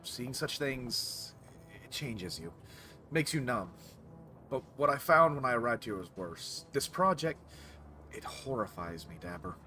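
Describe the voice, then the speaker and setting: A man voicing a nervous female corporate executive with a put-on German accent, speaking in a measured, grave way. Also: medium pitch, sing-song, sharp tone, slight background noise. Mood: haunted. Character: nervous middle-aged woman corporate executive.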